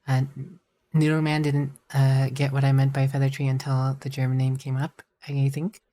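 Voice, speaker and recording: A woman's voice: very deep voice, monotone, normal speed, dark tone. A woman streamer chatting casually and rambling, with a giggly manner. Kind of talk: casual live-stream chat.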